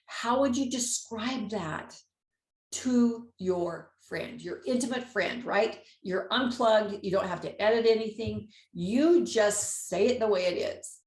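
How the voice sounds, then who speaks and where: A woman hosting a podcast, telling a personal story in an animated way, acting out the dialogue and laughing often. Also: mid-range voice, slow pace. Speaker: podcast host. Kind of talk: storytelling monologue. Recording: roomy echo.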